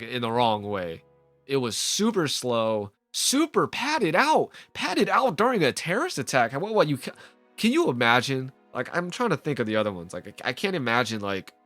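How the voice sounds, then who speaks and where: A man's voice: medium pitch, no room sound. A man giving casual, rambling commentary on a video game he is playing, full of fillers. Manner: rambling, animated, frequent "like" fillers. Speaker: let's play host.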